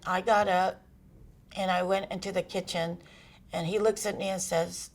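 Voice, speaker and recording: A middle-aged woman as an interview guest, telling a personal story candidly, with pauses, fillers and soft laughs. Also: mid-range voice, level tone.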